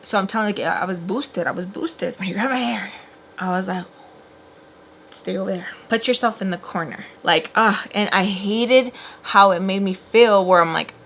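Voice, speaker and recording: A young woman telling a long story in a casual, animated way while doing her makeup, filling her talk with "like". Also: medium pitch, normal speed, slight background noise. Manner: chatty, animated retelling with filler "like".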